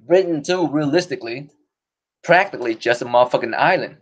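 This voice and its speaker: A man's voice: medium pitch, brisk, dull audio. A man hosting a podcast stream, chatting casually in a rambling, profane way and laughing often. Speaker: podcast host. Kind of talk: casual solo stream chat.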